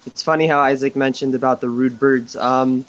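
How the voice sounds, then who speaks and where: An American man joining a video call from abroad, telling stories in an animated, chatty way. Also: mid-range voice, normal speed, highs cut off. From United States. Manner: lively, animated, laughs between anecdotes. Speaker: participant calling in from Israel. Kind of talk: casual storytelling chat. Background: birds chirping.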